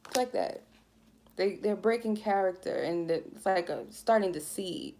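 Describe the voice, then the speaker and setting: A woman tarot reader giving a blunt, profane, laid-back spiritual reading in a mellow, chill way. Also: mid-range voice, lively intonation, a little slow, a little hiss or hum. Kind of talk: casual spiritual reading monologue.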